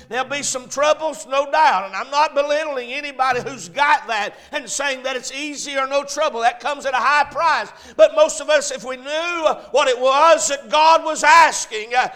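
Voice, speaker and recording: High-voiced preacher, impassioned. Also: male voice. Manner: impassioned preaching, swinging from hushed to shouting. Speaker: pastor. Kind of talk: sermon. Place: church sanctuary.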